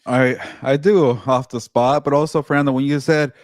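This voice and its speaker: Male reporter, heated casual sports take, mid pitch, dry close sound. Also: normal speed, no echo. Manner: animated, blunt, swears a lot.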